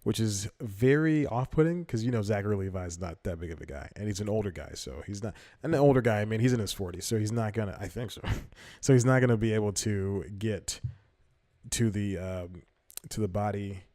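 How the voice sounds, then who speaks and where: A man's voice: fairly low pitch, animated, brisk, dark tone, no echo, studio quality. A young man hosting a comedy podcast, rambling through casual commentary, correcting himself and laughing often. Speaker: podcast host.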